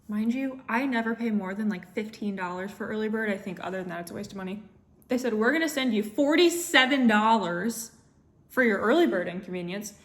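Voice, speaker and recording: A young woman from the United States vlogging casually, recounting a travel day in a chatty, animated way with lots of filler words. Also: medium pitch. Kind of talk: casual storytelling vlog.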